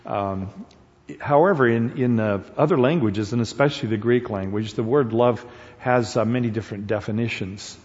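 A man preaching a sermon in a church, halting with fillers and restarts, then pressing points with repetition. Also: medium pitch, darkish tone. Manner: grows emphatic and repetitive at points. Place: church sanctuary. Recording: dull lo-fi sound with long hall reverb.

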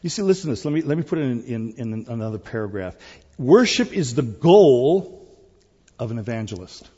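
A middle-aged man preaching with a husky voice, pressing hard on repeated key words, then dropping low. His sound is dull and lo-fi, carried by the long reverb of a church hall. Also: rapid-fire. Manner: emphatic, repeats key words, swings between loud and quiet. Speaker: pastor. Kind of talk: sermon.

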